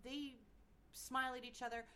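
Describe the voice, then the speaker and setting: A woman's voice: high-pitched, little pitch movement, moderate pace, sharp tone, a little hiss or hum. A woman co-hosting a podcast, recapping events in casual chat with fillers and playful mock quotes. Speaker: podcast co-host.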